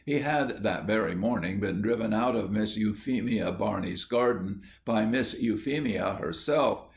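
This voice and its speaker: A man narrating an audiobook in a measured storytelling manner. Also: fairly low pitch, gravelly. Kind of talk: scripted narration.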